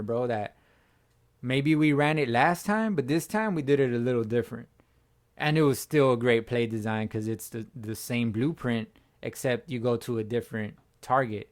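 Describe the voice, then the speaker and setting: A man hosting his own fan channel, hoarse from screaming, giving a slangy sports reaction chat as if talking to a buddy. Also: mid-range voice. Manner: slangy, talks like chatting with a buddy. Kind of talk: casual sports reaction talk.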